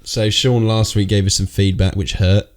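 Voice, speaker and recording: A man's voice: fairly low pitch, level tone, normal speed. A man hosting a casual pub chat podcast, blunt and sweary, teasing his co-host.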